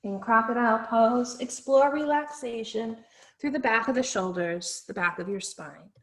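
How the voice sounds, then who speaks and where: Soothing woman guiding yoga, echoey room. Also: fairly high pitch. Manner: slow, soothing cues with soft pauses. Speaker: yoga instructor. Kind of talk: guided yoga class instruction.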